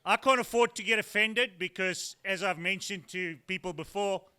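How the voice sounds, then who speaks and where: A man's voice: high voice, moderate pace, sharp tone, smooth. Older South African man doing stand-up. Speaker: stand-up comedian. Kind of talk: stand-up routine. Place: brewery taproom with live audience.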